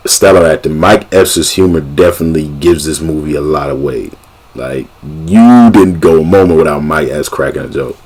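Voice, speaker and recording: A young man vlogging a casual movie recap, an animated storyteller who keeps laughing and acting out the scenes. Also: a bass voice, breathy edge. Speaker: YouTube vlogger.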